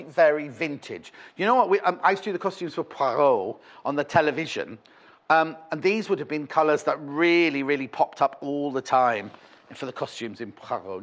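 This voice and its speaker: A man presenting fabric on a live shopping channel, chatting in a rambling, playful way between prices. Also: a little high. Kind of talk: live TV sales chat. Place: TV studio.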